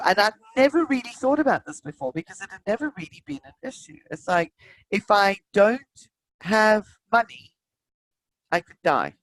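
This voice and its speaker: A woman, a spiritual teacher, telling a personal story in an emotive, animated way. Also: on the low side.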